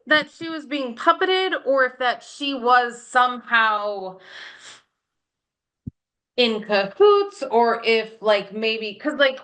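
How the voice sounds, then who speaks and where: Casual movie chat, animated woman with a bright voice who acts out scenes. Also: high voice. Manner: animated, acts out characters in quotes.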